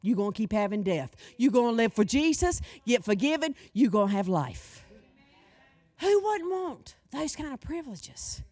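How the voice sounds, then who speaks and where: A woman's voice: fairly high pitch, normal speed. A woman in her sixties preaching a sermon, calling for a witness from the congregation and mixing in folksy humor. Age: 60s. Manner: animated, calls for audience response, folksy humor.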